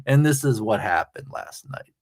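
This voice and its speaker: A man's voice: fairly low pitch, lively intonation, normal speed. A male live streamer giving rambling, profane, amused commentary.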